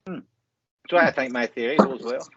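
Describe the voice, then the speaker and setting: A man's voice: mid-range voice, a little fast. A man co-hosting a casual podcast, teasing and full of banter. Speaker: co-host. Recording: dull lo-fi sound.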